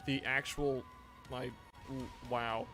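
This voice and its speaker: A man live-streaming a game, tired and rambling as he chats with his viewers. His voice sits at a middling pitch, and his sentences trip and restart. Faint music plays under his talk. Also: flat delivery, slow pace, sharp tone. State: tired, yawning. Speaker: gaming streamer. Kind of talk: casual live-stream chat.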